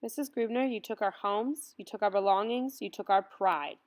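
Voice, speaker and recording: A woman's voice: mid-range voice, moderate pace, lightly acted. Woman reading as a desperate pleading mother. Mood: bitter. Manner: pleading, tearful, rising to outcry. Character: desperate Jewish mother begging for her children.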